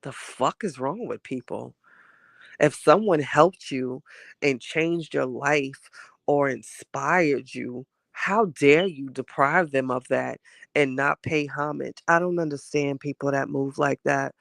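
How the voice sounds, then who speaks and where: A man's voice: mid-range voice, slow, vocal fry, fairly bright tone, dry recording, clean studio sound. A man hosting a casual chat show, talking candidly and at length while getting over a cold. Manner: candid, rambling, heartfelt commentary. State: has a cold. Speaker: host.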